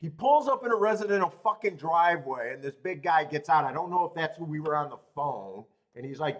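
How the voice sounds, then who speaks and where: A man's voice: fairly high pitch, lively intonation, fairly quick, few pauses. A young man with a stuffy cold hosting a casual horse racing live stream, rambling and swearing often as he tells stories and talks handicapping. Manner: profane, rambling storytelling. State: congested from a cold. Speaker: horse racing show host.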